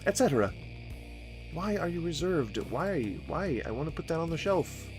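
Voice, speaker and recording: A man giving casual let's-play commentary, goofy and rambling, with sing-song wordplay and sudden mock yelling. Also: on the high side, sing-song, moderate pace, over music. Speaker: gaming streamer.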